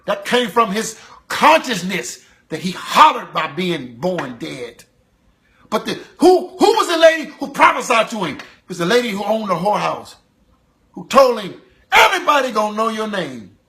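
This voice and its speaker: A male preacher delivers an impassioned sermon. His voice sits high and rings bright, rising to loud calls and sinking to low, urgent passages. He drives his points home with rhythmic repetition. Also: lively intonation, moderate pace.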